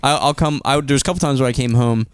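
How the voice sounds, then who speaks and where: A man with a smooth, clear voice hosts a casual podcast chat, stringing his sentences together with lots of fillers. The sound is dry and close. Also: medium pitch, quick pace, no room sound. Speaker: podcast host.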